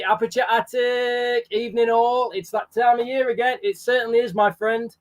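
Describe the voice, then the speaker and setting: Chatty high-voiced livestream host. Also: male voice, level tone, normal speed, hardly any pauses. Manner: chatty, greets viewers by name. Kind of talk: casual livestream chat.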